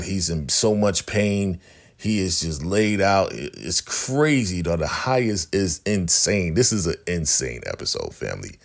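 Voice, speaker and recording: A man casually recapping a TV episode, excitable and acting out the characters' lines as he retells each scene. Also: low-pitched. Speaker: recap host.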